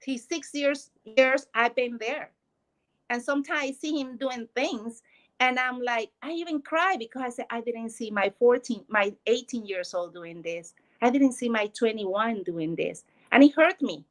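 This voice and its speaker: A woman. Her voice sits fairly high. She tells her story earnestly and emotionally, as a mother talking about work and family. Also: unhurried, rough recording. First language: Spanish. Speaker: guest. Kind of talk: personal testimony.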